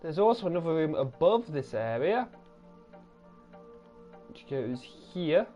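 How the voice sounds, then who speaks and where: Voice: mid-range voice, sing-song, unhurried, muffled recording, faint music behind. A gaming channel host, giving a casual, rambling tour of a game world, correcting themselves and repeating the same praise.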